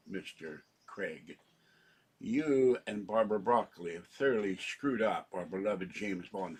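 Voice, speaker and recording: An older man putting on a scheming, gloating movie villain, slow and theatrical, with a husky voice. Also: fairly low pitch.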